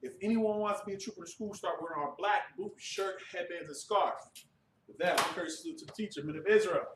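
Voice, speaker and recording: Emphatic high-voiced man preaching. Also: fast talker, fairly bright tone, a little hiss or hum. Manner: emphatic, repeats "you understand". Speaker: religious class speaker. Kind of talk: preaching and announcements. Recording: echoey room from a distant mic.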